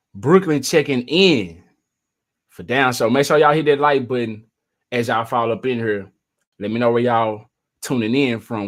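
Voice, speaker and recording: A man runs a laid-back live stream in a loose, slangy way, shouting out viewers one by one as they show up. His voice sits at an ordinary middle pitch for a man. He keeps a casual, chatty flow throughout.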